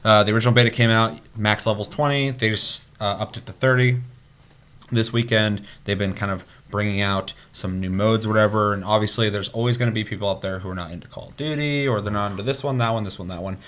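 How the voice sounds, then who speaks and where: A man's voice: on the low side, fast talker. A young man co-hosting a casual gaming podcast, telling stories loosely and swearing freely. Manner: loose, profane, animated storytelling. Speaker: podcast co-host.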